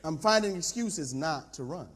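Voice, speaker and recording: A man preaching and telling a comic story, talking straight to the crowd in an animated way. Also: fairly high pitch, normal speed. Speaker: pastor. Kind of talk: humorous sermon storytelling. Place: large camp tent. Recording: long reverb in a large camp tent.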